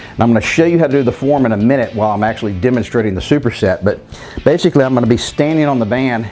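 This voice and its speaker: A man's voice: medium pitch, a little mellow. A man giving workout instructions, talking straight to viewers and counting reps aloud, winded between sets. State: winded while exercising. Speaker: fitness trainer.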